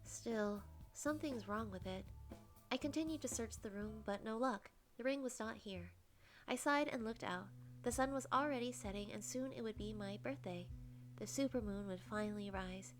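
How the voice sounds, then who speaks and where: A young woman with a soft, breathy voice reading a visual novel aloud in first person as a game streamer. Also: mid-range voice, normal speed, soft background music.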